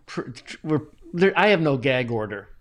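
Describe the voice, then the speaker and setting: A middle-aged man talking as a guest in a casual interview, animated and often chuckling, with frequent restarts. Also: mid-range voice, moderate pace. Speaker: Bible translator guest.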